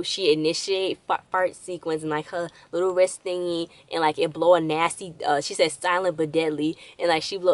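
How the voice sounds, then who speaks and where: A woman's voice: fairly low pitch, no echo. A woman giving a rambling, casual recap of a TV episode with lots of fillers and restarts. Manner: rambling, loose retelling with many fillers and restarts. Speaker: episode reviewer.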